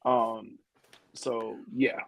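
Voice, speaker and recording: A man co-hosting a podcast in a laid-back, profane way, stumbling over restarts as he thinks. His mid-pitched voice sounds dry and close. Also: level tone, very slow, gravelly, a bit bright, dry recording, rough recording. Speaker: podcast co-host. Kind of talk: casual recap chat.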